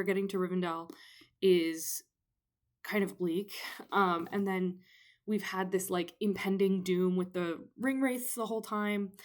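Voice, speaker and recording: Breathless, gushing young woman. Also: medium pitch. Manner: gushing, breathless, many fillers, rambling enthusiasm. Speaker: book vlogger. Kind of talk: excited casual book chat.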